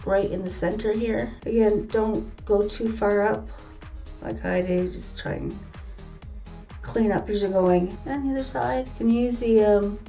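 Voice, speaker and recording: A woman with a gravelly, mellow voice talks viewers through her makeup one step at a time, in a relaxed, chatty way. She sounds a little away from the mic, with soft music playing faintly underneath. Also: mid-range voice, far from the mic. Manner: chatty, talks to viewers as guys while working. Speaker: makeup tutorial host. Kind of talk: casual step-by-step makeup tutorial.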